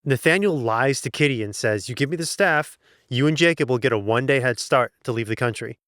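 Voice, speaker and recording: On a podcast, a male co-host casually recaps a novel's plot and acts out the characters' lines. He talks a little fast in a medium-pitched, fairly bright, clean voice, recorded in studio quality with no echo.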